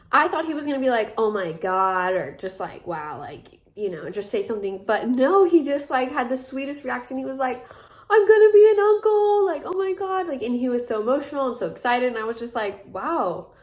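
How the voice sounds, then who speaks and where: A woman in her twenties casually telling a personal story, chatty and full of fillers, acting out the lines of the people in it. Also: medium pitch. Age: 20s. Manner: chatty, filler-heavy retelling with many quoted asides. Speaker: vlogger.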